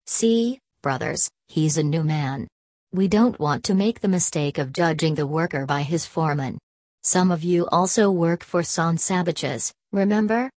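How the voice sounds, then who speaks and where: A woman's voice: low voice, measured pace, a little mellow, no echo, clean studio sound. A woman reading the lines of an earnest union chairman who talks through his nose and presses for order. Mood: insistent. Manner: nasal, pleading for order.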